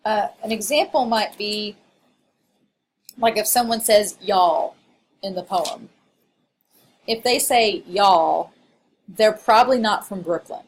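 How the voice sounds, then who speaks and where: A woman's voice: medium pitch, slow pace, pauses often, slight background noise. A woman with a Southern Illinois accent giving a recorded college English lecture, chatty and playful, with frequent laughs and asides.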